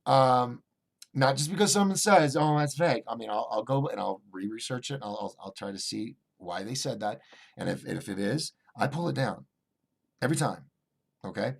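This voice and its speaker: A man hosting a casual livestream, reading viewer chat aloud and rambling through restarts and fillers, swinging between excited bursts and low asides. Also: moderate pace, creaky. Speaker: host of a call-in livestream show.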